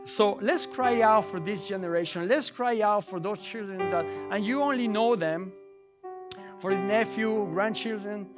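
A man's voice: high-pitched, moderate pace, highs cut off. A male pastor leading a sermon and altar prayer, pleading fervently and repeating his cries to God. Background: keyboard music.

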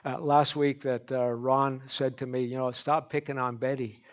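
A man's voice: mid-range voice, flat delivery, normal speed, highs cut off. A man from Canada preaching a folksy sermon, chatty and joking with the congregation. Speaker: pastor.

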